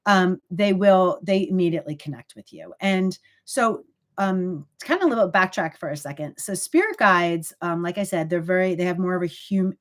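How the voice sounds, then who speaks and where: A middle-aged woman hosts a casual live stream as a psychic medium. She speaks in a slightly low voice, chatty and earnest, full of fillers, and lifts suddenly when moved.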